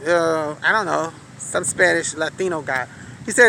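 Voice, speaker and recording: An adult woman telling a story outdoors on a street corner in a casual vlog, animated, profane and outspoken as she vents. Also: on the low side, moderate pace, vocal fry. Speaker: vlogger. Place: outdoors on a city street corner by a bus stop. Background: light street traffic and passing buses.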